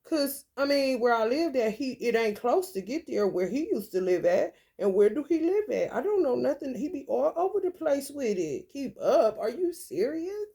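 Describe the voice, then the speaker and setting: A woman's voice: high voice, very animated, normal speed, few pauses, mellow, husky. A woman venting in a casual monologue, telling a story bluntly and profanely with lots of rhetorical questions. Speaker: vlogger.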